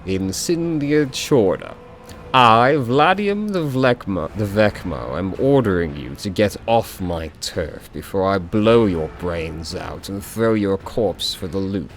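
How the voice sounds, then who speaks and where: A man's voice: low voice, lively intonation, slow pace, slight background noise, full character voice. A man reading the lines of a young, bloodthirsty gang leader, in a lazy drawl. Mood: threatening.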